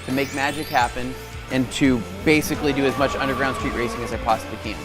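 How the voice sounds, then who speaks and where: A man's voice: mid-range voice, fairly even intonation, fast talker, loud music behind the voice. A man hosting a live product demonstration, talking casually and playfully and often checking in with "right?". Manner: playful, keeps asking "right?". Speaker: host. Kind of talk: casual live demo chat.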